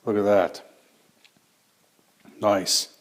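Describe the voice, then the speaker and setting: A middle-aged man hosts his own cooking channel, demonstrating recipes to camera in a folksy, chatty manner and calling his viewers "folks." His voice is fairly low, with a flat delivery and drawn-out words.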